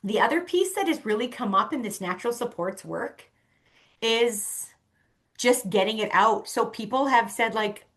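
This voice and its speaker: A woman's voice: medium pitch, fairly bright tone. A woman talking as a podcast guest, earnest and conversational, with many fillers and restarts. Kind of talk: casual conversation.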